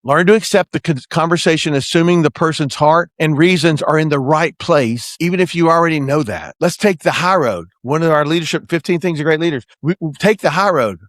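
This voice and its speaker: A man's voice: on the high side, a little fast, hardly any pauses, dry recording, clean studio sound. A man hosting a podcast, giving an earnest motivational coaching talk and often checking in with "right?". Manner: earnest, preacher-like, keeps asking "right?". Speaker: podcast host and management consultant.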